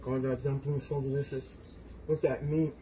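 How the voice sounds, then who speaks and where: A man's voice: mid-range voice, flat delivery, normal speed, warm tone, slight background noise, low-quality recording. A man filming a casual cooking demonstration in his home kitchen. He talks straight to his viewers and keeps exclaiming how delicious the food is. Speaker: home cook vlogger.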